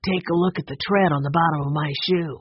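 A storyteller voicing a calm, sensible older brother who patiently explains things. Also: mid-range voice, a little fast, breathy edge, dry recording, dull audio, lightly acted. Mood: explaining.

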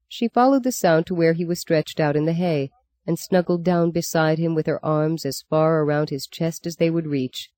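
A narrator reading a novel aloud in a measured, expressive way. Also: mid-range voice, no echo. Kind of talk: audiobook narration.

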